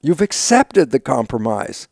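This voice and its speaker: An older man, an interview guest, telling stories with lively acted-out dialogue, sudden loud bursts and frequent laughs. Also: mid-range voice, a little slow, gravelly, no echo, clean studio sound. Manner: laughs often while talking. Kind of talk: animated conversational storytelling.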